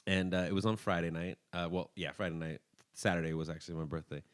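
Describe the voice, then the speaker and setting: Low-voiced young man joking around. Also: little pitch movement, fast talker, dry recording, clean studio sound. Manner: laughs often, rambling and joking. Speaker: podcast co-host. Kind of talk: casual chat.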